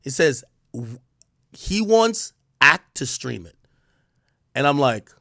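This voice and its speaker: A man hosting a live stream, telling a story in animated casual talk with swearing and laughter. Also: medium pitch, takes it slowly, vocal fry, dry recording, clean studio sound.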